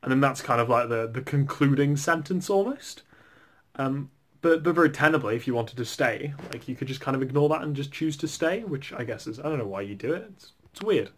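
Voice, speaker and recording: A man's voice: mid-range voice, lively intonation, fairly quick. A young man with an English accent, chatting casually for his video in a rambling way, with "like" in nearly every phrase. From England. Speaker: vlogger. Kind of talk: casual chat.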